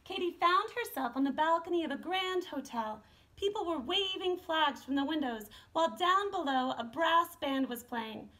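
Animated woman reading a children's story. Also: very high-pitched, normal speed. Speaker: art teacher. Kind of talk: storybook read-aloud.

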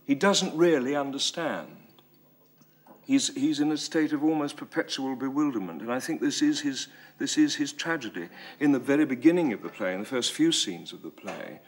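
A man's voice: mid-range voice, lively intonation, normal speed, husky. A man discussing a role he once played, thoughtful and searching for words, a little hesitant. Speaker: actor in a masterclass. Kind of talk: reflective discussion.

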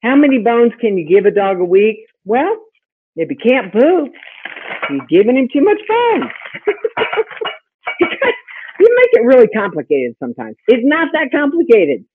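A woman hosting a webinar as a pet health consultant, teaching in a lively, chatty way full of rhetorical questions. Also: fairly high pitch, normal speed, husky. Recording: tinny phone-like audio.

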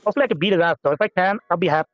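A young man with a high-pitched, rapid-fire voice rambles over a game in let's-play style, swearing casually, musing aloud and putting himself down. The recording is muffled with no room sound, and faint music plays behind him.

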